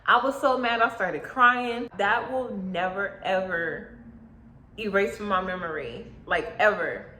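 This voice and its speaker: A young adult woman telling a story in a casual, chatty vlog, animated and full of slang. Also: mid-range voice, a little slow, slight background noise. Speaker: YouTube vlogger. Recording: echoey room.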